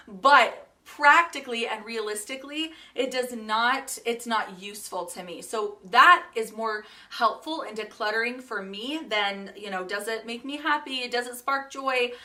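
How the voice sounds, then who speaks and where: A woman in her thirties chatting casually in a home vlog, upbeat and quick to laugh, sorting through her things. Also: a little high, sharp tone, far from the mic. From Utah. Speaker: home organizing vlogger.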